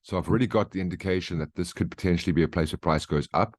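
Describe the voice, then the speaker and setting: A man's voice: low-pitched, racing, no echo. A man giving a casual market briefing over charts, explaining his reasoning and often checking in with the listener. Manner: conversational, keeps checking in with "right?" and "okay?". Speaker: trading educator.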